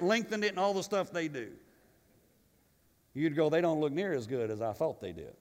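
A pastor preaching in a fairly high voice that climbs and booms at the big moments, then drops to quiet asides. He stumbles and repeats words as he goes. The sound carries a long hall reverb. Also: animated, normal speed, pauses often. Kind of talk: sermon.

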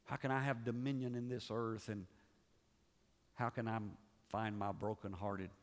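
A man's voice: little pitch movement, normal speed. Man preaching dramatically in a reverberant hall. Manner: dramatic, swings from raised emphasis to hushed low delivery. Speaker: pastor. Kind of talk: sermon. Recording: long reverb of a large hall.

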